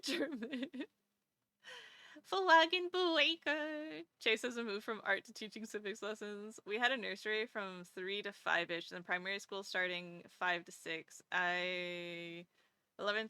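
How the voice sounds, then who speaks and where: Woman, casual stream chat, animated, laughs a lot, crisp bright tone. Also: mid-range voice, moderate pace, dry recording.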